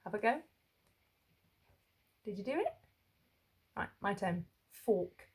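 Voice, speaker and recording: Woman, teacher, slow deliberate pace, mid pitch, sounding out letters for kids. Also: big pitch swings. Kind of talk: phonics lesson for young children.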